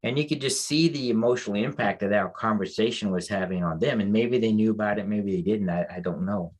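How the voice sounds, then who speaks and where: With a fairly low, slightly mellow voice and a fairly quick pace, an American veterans' podcast co-host and mental health advocate tells an emotional story. It comes out casual and rambling, peppered with restarts.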